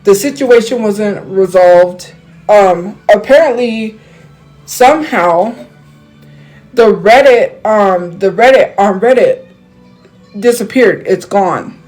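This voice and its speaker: A woman's voice: mid-range voice, slow pace, long pauses, darkish tone, soft background music, rough recording. A woman hosting a livestream, talking heatedly to viewers in a rambling, casual way, full of fillers and restarts, into a phone. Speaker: livestream host.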